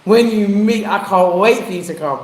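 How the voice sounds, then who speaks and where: A woman's voice: mid-range voice, moderate pace, darkish tone. A woman from England telling a heartfelt personal story in casual chat, using street slang. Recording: echoey room.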